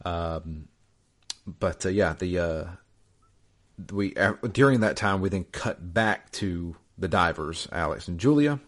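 Man, very low voice, casual game recap, rambling, lots of ums and restarts. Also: lively intonation. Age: adult, married. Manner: rambling, halting, many fillers and restarts. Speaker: podcast co-host recapping a game. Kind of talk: casual chat.

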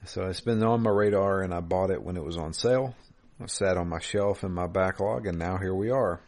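A man co-hosting a casual gaming podcast over a remote call, relaxed and rambling. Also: sits low, brisk. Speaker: podcast co-host. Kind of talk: casual chat.

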